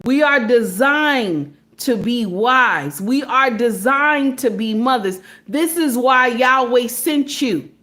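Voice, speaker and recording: A woman delivers a preachy commentary monologue in a high voice. She hammers her points with rhetorical questions and talks to her audience as her sisters, like a sermon. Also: lively intonation, slow pace, few pauses, fairly bright tone. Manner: addresses listeners as sisters, sermon-like. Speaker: online commentator.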